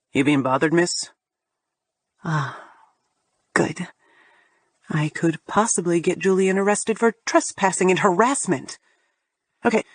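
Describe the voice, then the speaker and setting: A woman's voice: medium pitch, no room sound. Woman reading a romance audiobook, snarky and swears a lot, mid voice, dry close sound. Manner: sardonic, profane, emphatic. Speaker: audiobook narrator. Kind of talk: first-person romance audiobook narration.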